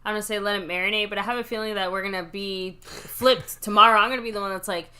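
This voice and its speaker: A woman's voice: medium pitch, steady tone, fast talker, pushed and bright, clean tone. A woman co-hosting a live fan stream, stunned and chatty, reading viewer comments aloud with lots of "like". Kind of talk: casual fan reaction chat.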